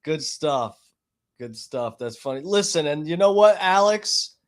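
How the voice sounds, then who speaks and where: A man hosting a podcast, talking loudly and excitably in casual chat, with frequent swearing. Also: fairly high pitch, unhurried. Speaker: podcast host.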